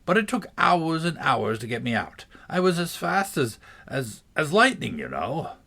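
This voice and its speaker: A man's voice: a little high, very animated, a little slow, vocal fry, sharp tone, pitched above the performer's own voice, exaggerated voice. A man doing a solemn, rambling old knight. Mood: earnest, rambling. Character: clumsy, earnest old male inventor-knight. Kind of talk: storybook reading.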